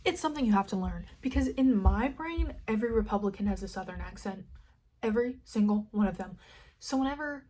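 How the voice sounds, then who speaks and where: Speaking a little fast with lively intonation, a young Californian woman hosts a loose solo podcast, talking directly to listeners. Her mid-range voice carries a Californian American accent as she rambles candidly, swears freely, and lurches between loud bursts and quiet mutters over slight background noise.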